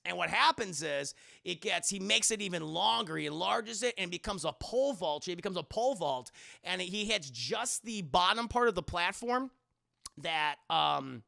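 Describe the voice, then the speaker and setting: A man's voice: sits high, animated, normal speed, vocal fry, sharp tone. A young man streaming live, giving a rambling, profane, jokey recap of an anime episode and talking to his chat.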